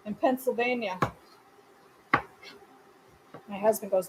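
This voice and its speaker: A woman's voice: fairly high pitch, fairly quick, hardly any pauses, a little mellow, slight background noise, poor audio. A woman hosting a live cooking stream from her home kitchen, chatting casually and answering viewers by name with playful, self-mocking humor.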